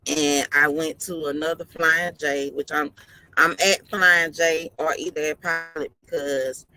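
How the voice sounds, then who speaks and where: A woman's voice: deep voice, steady tone, unhurried, sharp tone, low-quality recording. A woman truck driver talking casually on a live stream from inside her parked truck cab, tired and yawning, earnestly repeating her advice.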